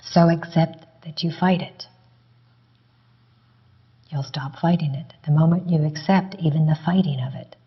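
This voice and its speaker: A woman meditation teacher answering a student's question in a calm, unhurried, gently explaining way. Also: low voice, breathy edge. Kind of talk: spiritual teaching dialogue. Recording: dull lo-fi recording.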